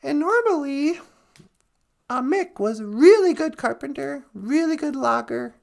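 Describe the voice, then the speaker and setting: A woman storyteller with a high, gravelly voice, telling a folk tale at an unhurried pace. She talks chatty and humorous, like she's chatting with friends. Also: animated, darkish tone. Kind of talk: casual storytelling.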